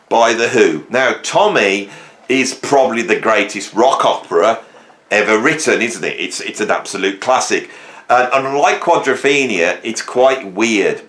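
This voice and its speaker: A man's voice: fairly high pitch, a bit bright. A man from England hosting a rambling comic monologue, joking and telling stories with sudden jumps in his voice. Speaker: host.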